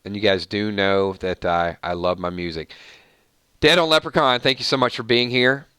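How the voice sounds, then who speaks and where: A man hosting a casual livestream, chatting loosely and rattling off supporters' names with quick thank-yous. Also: fairly low pitch, bright, forceful tone, smooth, no echo, clean studio sound. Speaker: livestream host.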